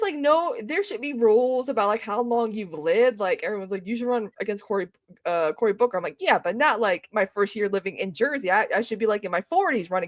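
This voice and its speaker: A woman's voice: medium pitch, no echo, studio quality. A woman co-hosting a podcast who grew up in the South, talking casually and expressively. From American South. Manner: expressive, animated storytelling. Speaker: podcast co-host. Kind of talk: casual political chat.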